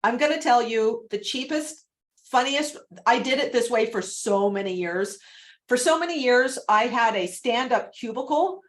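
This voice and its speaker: A woman coaching on a video call, chatty and animated, laughing often as she talks. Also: on the high side, moderate pace. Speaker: real estate prospecting coach.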